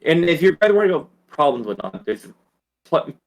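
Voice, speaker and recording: A man's voice: fairly high pitch, very animated, brisk. A man narrating as dungeon master for a tabletop game, rambling with fillers.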